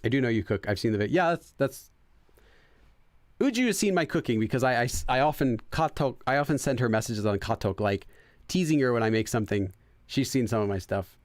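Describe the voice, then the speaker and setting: Male let's-play host, loose rambling chat full of fillers and self-corrections, mid-pitched, dry close sound. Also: expressive, a little fast, no room sound. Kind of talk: casual gameplay chat, translating game text.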